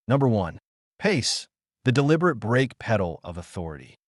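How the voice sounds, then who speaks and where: A man reading a self-help audiobook in a measured, emphatic instructional manner. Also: medium pitch, dry recording, clean studio sound. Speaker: audiobook narrator. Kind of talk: scripted audiobook narration.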